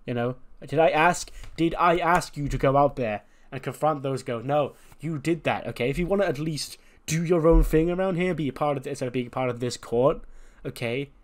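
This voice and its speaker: A man's voice: on the high side, a little fast, voice pushed up, close to an everyday voice. A man doing a haughty scolding queen-diva woman. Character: bossy proud woman wrestling queen, scolding.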